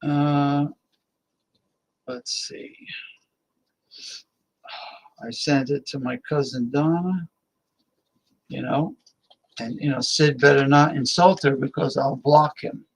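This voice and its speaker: A man's voice: on the high side, fairly even intonation, slow pace, creaky, long pauses, slight background noise, poor audio. A man hosting a live-stream talk show, rambling casually and muttering to himself as he invites guests.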